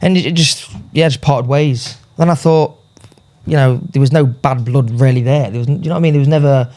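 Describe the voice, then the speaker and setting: A man's voice: medium pitch, a little mellow. A young English man telling stories in a casual podcast chat, joking and full of slang. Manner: fast, joking storyteller with British slang. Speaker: guest, content creator.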